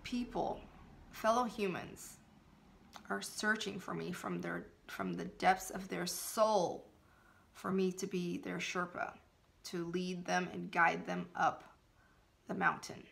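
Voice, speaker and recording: Earnest woman spiritual coach, unhurried, bright, a little gravelly, emphatic delivery. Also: fairly low pitch, steady tone. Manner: earnest, emphatic, laughs between phrases. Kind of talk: motivational talk to camera.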